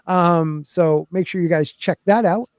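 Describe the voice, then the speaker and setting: Guy hosting a podcast, kinda high voice, chatty and rambly, dry close mic. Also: measured pace, dry recording. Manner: upbeat, rambling, laughs easily. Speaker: podcast host. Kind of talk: casual chat.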